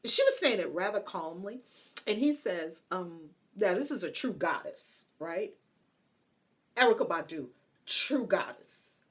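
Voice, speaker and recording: A woman's voice: lowish voice, lively intonation, unhurried, a bit bright. A woman hosting her own vlog, talking casually and playfully to her viewers, laughing often and tossing in chatty asides. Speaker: vlog host. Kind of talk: casual talk to camera.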